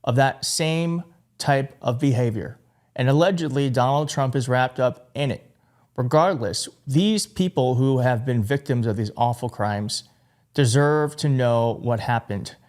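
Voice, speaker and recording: A man's voice: mid-range voice, measured pace, a little mellow. Indignant male political commentator. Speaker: show host.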